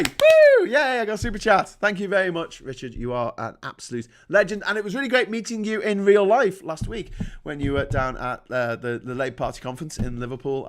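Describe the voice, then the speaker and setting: On his own live stream, a man rants with heated, profane and sarcastic commentary. His voice is high for a man, swinging between loud outbursts and quieter asides.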